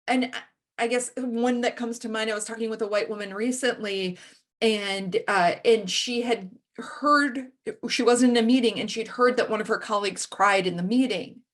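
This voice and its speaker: A woman's voice: fairly high pitch, normal speed, a bit bright. A woman speaking candidly as a panelist in a panel discussion, telling stories and shifting into voices for the people she quotes. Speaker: panelist and author.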